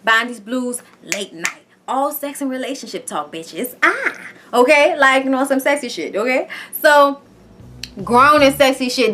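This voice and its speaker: A woman's voice: on the high side, fairly bright tone. A woman casually recapping a reality show, chatty and profane, tagging her lines with "okay?". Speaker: TV show reviewer.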